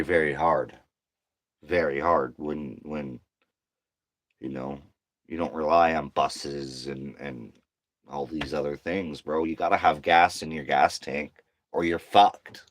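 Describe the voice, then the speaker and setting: A man's voice: extremely low pitch, fairly bright tone, no echo. A tired man venting to camera in a slangy, profane monologue, worn down and getting heated. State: exhausted.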